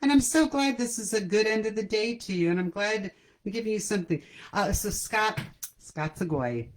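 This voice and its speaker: A woman's voice: mid-range voice, lively intonation, moderate pace, rough recording. A woman hosting a comedy livestream from home, chatting casually and self-deprecatingly to her viewers and laughing at her own jokes. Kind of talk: casual chat to a livestream audience. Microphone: computer camera mic.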